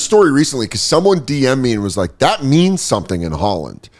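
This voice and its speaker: Animated man telling a wild story. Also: fairly quick. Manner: animated, acts out quotes in high silly voices, swears freely. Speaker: podcast host. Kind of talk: casual storytelling chat.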